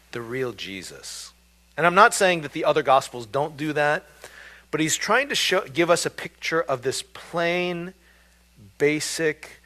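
A man's voice: fairly high pitch, pushed and bright. A man preaching a sermon as a pastor, in a conversational, self-deprecating way with frequent fillers.

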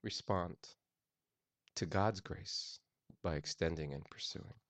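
A man's voice: low voice, takes it slowly, fairly bright tone, dry recording. A man preaching a sermon, earnest and personal, often restarting his phrases. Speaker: pastor. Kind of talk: sermon on forgiveness.

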